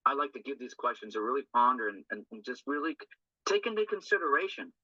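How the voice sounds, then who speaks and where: Earnest man with a bright, lo-fi voice. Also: medium pitch, big pitch swings, quick pace, no room sound. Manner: earnest, rambling, tag questions. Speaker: recovery group speaker. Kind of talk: informal talk on a recovery text. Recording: dull lo-fi dry recording.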